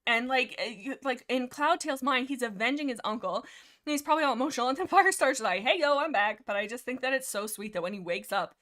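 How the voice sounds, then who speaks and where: A young woman hosting a livestream, chatting excitably about books with lots of fillers and restarts. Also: a little high, quick pace. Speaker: livestream host. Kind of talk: casual rambling book discussion.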